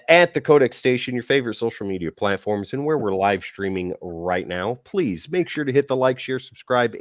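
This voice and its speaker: A man's voice: medium pitch, dry recording. Playful showman host, dry close sound. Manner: playful, showman-like announcing with big swings in loudness. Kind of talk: hyped show-host patter.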